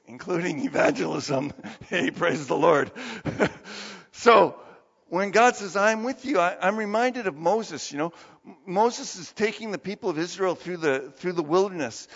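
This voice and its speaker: A male pastor preaching a sermon in a lively, conversational way, acting out the quoted voices as he goes. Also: sits high, big-room sound, highs cut off. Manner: animated, acts out quoted voices.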